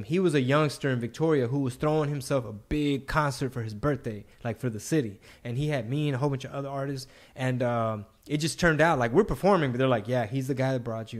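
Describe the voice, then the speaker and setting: A man hosting a podcast in casual chat, telling relaxed stories about his start in comedy. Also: medium pitch. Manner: relaxed, chatty, tells his own stories. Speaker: podcast host.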